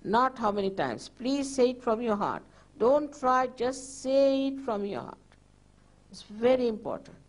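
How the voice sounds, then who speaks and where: An older woman leads a guided meditation in a slightly high voice. She speaks very slowly and gently, and she repeats her instructions patiently. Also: expressive. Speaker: spiritual teacher.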